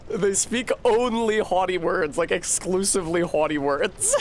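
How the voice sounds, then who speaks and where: A man's voice: high voice, measured pace, a little hiss or hum. A man streaming a game, chatting casually in a profane, rambling way and laughing often. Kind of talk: casual gameplay chat.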